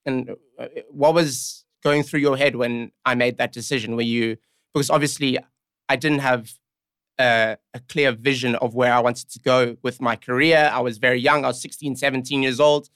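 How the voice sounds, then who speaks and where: A young man asks questions and reflects on his past. His voice is smooth and clear, direct but a little unsure. The sound is close and dry. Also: mid-range voice, fairly even intonation, moderate pace, fairly bright tone, dry recording. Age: young adult. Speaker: podcast host. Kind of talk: candid interview conversation.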